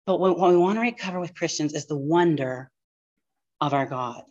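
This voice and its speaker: A woman pastor with a drawl, teaching a live church class. She talks fast and animated, throwing in asides, in a lowish voice. The recording is dull and lo-fi.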